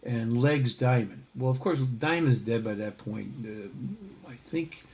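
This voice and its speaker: A man's voice: mid-range voice, animated, slow, a little mellow. A man from Connecticut telling a story in a casual, wry, digressive way, full of asides. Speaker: storyteller host.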